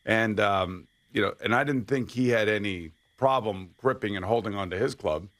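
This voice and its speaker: A man's voice: on the low side, moderate pace, a bit bright. A middle-aged man co-hosting a sports radio show, telling meandering stories full of hesitations in casual banter. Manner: meandering anecdote-telling with stop-start hesitations. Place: radio studio.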